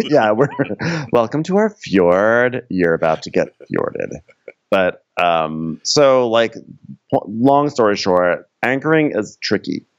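A man's voice: fairly low pitch, wildly swooping pitch, takes it slowly, no room sound, highs cut off. A man co-hosting a podcast, chatting jokily and acting out the people he recaps in silly voices. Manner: jokey, acts out reality-show people in silly voices. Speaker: podcast co-host. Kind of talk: casual recap chat.

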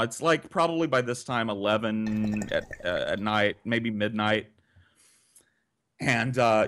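A man spins a long personal story on a podcast, swearing freely and painting vivid pictures. His voice sits at an ordinary mid pitch. The delivery is casual and animated.

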